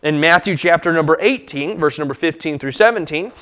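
Man, 30s, pastor, sermon, halting delivery, lots of fillers, slightly high voice. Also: fairly bright tone, smooth. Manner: halting, many fillers and restarts.

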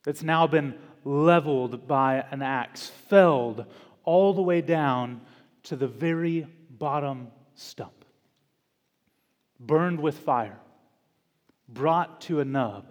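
A man preaching a sermon as pastor in a church, slow and deliberate, with dramatic pauses and emphatic repetition. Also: a little high. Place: church sanctuary. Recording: long church reverb.

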